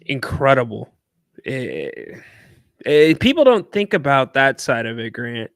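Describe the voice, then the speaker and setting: A man's voice: mid-range voice, big pitch swings, a little slow, fairly bright tone, dry recording, clean studio sound. A man co-hosting a sports podcast, chatting casually with short affirming replies. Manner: brief affirming interjections. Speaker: podcast co-host.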